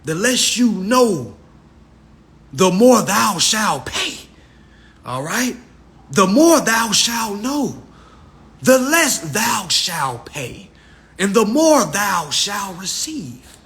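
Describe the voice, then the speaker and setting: A slow, solemn mock preacher intones invented scripture in old-fashioned wording, as a man puts him on. The voice sits high and swings widely in pitch, and each phrase is stretched out with mock gravity. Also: very animated, a bit bright, exaggerated voice. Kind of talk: parody of Bible verses.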